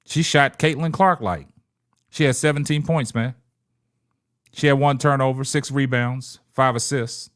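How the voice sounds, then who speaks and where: The young host of this casual sports podcast livestream speaks a little slowly, his mid-range voice steady and smooth. He talks loosely, shouts out viewers, and ends nearly every phrase with "man."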